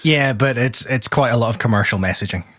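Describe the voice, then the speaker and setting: A man's voice: medium pitch, quick pace, a bit bright. A man chatting as a guest, modest and dry, playing down his own work. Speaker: radio imaging producer. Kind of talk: casual guest chat.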